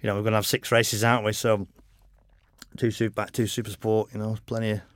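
A man's voice: on the low side, level tone, fast talker, no room sound, clean studio sound. A middle-aged man, a motorcycle racer, telling long frank anecdotes in a casual podcast interview, peppered with "you know".

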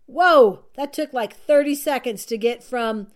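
High-voiced woman giving an earnest self-help talk. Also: measured pace. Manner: earnest and repetitive, laughs at herself. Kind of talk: motivational talk to listeners.

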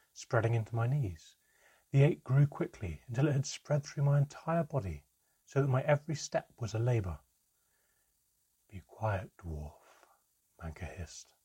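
Husky-voiced man reading a storybook. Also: mid-range voice, expressive, moderate pace, mellow. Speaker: narrator.

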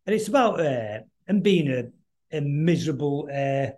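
A man's voice: fairly high pitch, expressive, a little mellow. A middle-aged man, chatting as a guest musician in a casual interview, rambling and stopping to restart often. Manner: rambling, halting, many restarts.

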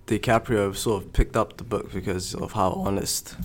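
A man's voice: on the low side, normal speed. A man co-hosting a book podcast, rambling in casual chat with many fillers. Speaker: podcast co-host.

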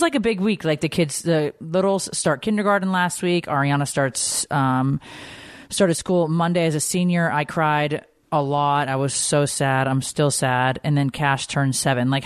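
A woman's voice: low-pitched, measured pace, smooth, dry recording, clean studio sound. A woman in her forties hosting a podcast, chatting casually and telling family stories in an emotional, gushing way. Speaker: podcast host. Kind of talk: casual chat.

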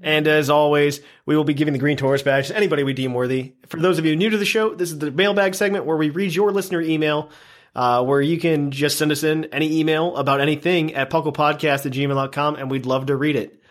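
Male podcast host, upbeat, casual delivery, a little high-pitched. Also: fairly even intonation, quick pace. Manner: upbeat, reads listener email aloud.

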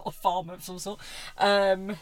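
Chatty woman co-host, rambling and giggly, middle pitch. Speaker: podcast co-host. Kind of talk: casual chat.

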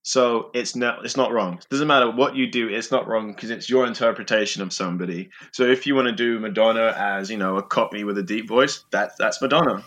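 Man calmly explaining his impressions. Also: on the low side, fairly quick, hardly any pauses. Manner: reflective, explains step by step with many fillers. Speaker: improviser and impressionist. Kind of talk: casual interview talk.

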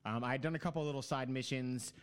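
A man's voice: medium pitch, fairly even intonation, racing, clean tone. A man in casual chat, telling long rambling stories about a video game with many fillers.

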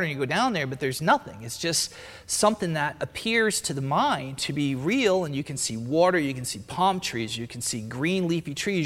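A man's voice: medium pitch, a bit bright. A man giving a casual, meandering talk on spiritual ideas, thinking aloud as he explains. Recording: long reverb, echoey room.

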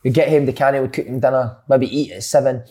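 Quick, teasing Scottish man. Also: medium pitch, steady tone, mellow, breathy edge. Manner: teasing, quick-fire questions and banter. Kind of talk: casual chat.

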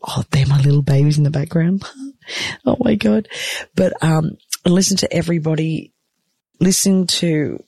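A woman's voice: sits low, creaky, no room sound, clean studio sound. A woman giving a dramatic, gushing casual recap from a hospital bed. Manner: gushing, dramatic, expressive storyteller. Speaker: reality TV cast member recapping episodes.

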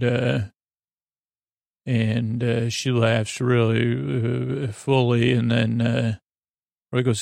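A man hosting a podcast, recapping a TV episode in a slow, low-key way for sleep listening, hesitant and full of filler pauses. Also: flat delivery, vocal fry, darkish tone, no echo.

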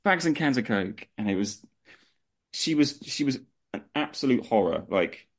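A young man, a guest on a casual chat show, telling animated anecdotes and laughing through them. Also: medium pitch, normal speed. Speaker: guest, music promoter.

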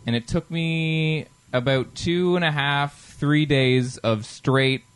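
A man's voice: a little high, slow pace, clear, resonant tone. A man co-hosting a casual music podcast, talking keenly about albums and swearing casually. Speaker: podcast co-host. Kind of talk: casual music review chat.

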